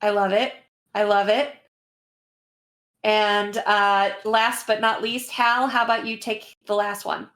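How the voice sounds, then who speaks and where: A woman hosts a livestream in a loose, chatty way, filling her pauses with ums and uhs. Her pitch sits in the middle, neither high nor low. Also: flat delivery, fairly bright tone. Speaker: host. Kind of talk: casual livestream wrap-up.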